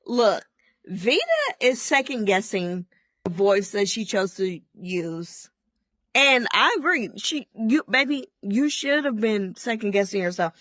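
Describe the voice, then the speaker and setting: A woman's voice: mid-range voice, a bit bright. A woman hosting a podcast, giving a chatty, opinionated solo review with lots of asides and restarts. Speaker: podcast host reviewing a TV show. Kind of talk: casual solo review chat.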